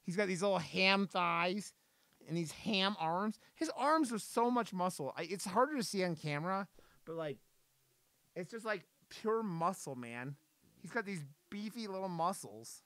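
A man's voice: sits high, animated, measured pace, a bit bright, no room sound. A man live-streaming from his desk at home, chatting in a playful way and swearing casually.

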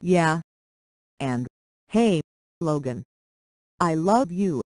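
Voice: medium pitch, expressive, extremely slow, a little mellow, no room sound, poor audio. A reader voicing a young woman reading her wedding vows, earnest, teasing and tender.

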